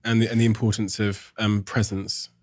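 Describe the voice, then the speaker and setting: A man hosting a podcast, asking his guest quick, thoughtful questions. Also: on the low side, flat delivery, a little mellow, no echo, studio quality. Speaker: podcast host. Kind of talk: interview questions.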